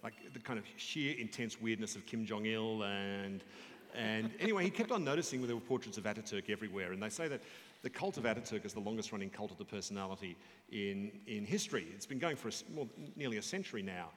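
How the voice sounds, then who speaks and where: A man's voice: fairly low pitch, quick pace, slight background noise. Australian man telling stories in a hall. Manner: storytelling, animated quoted voices. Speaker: author and broadcaster. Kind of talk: public book talk, reading and answering questions. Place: university hall, live audience. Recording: reverberant hall.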